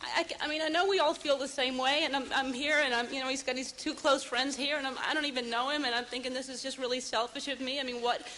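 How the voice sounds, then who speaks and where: A woman speaks through tears into a podium microphone outdoors, her voice bright and slightly high. She stammers and restarts often, and a faint outdoor hum sits under her words. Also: steady tone, poor audio. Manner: halting and stammering, with repeated false starts. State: tearful. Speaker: speaker at a public vigil. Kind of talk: emotional public speech. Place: outdoors on building steps at a vigil.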